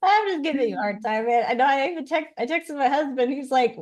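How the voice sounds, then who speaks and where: A woman's voice: high voice, lively intonation, fast. A woman on a video call, teasing the host with dry humor. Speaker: community member. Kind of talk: casual video call chat.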